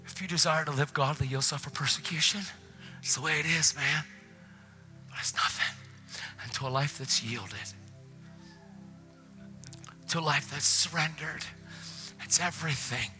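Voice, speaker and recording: A man preaching a passionate sermon in a church, often dropping into hushed whispers. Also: a little high, normal speed, long pauses, soft background music. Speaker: guest preacher. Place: church, faint music behind.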